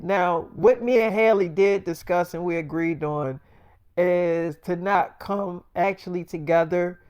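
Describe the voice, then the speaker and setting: Man, high clean voice, casual storytime, cussing freely. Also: darkish tone, clean tone, dry recording, studio quality. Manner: loose, profane, conversational.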